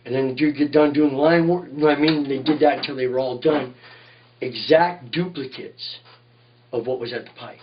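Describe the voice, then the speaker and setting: A man's voice: mid-range voice, a little fast, far from the mic, highs cut off, slight background noise. A man, a tattoo artist, telling shop stories in a rambling, profane way in a casual interview, often saying "you know what I mean".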